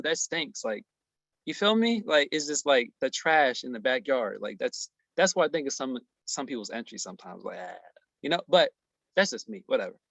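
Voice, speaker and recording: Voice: medium pitch, a bit bright, no echo. A trading instructor teaching a casual screen-share lesson, slangy and playful, stressing points and checking in with "okay?" over and over. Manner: slangy, playful, emphatic, asks "okay?" constantly.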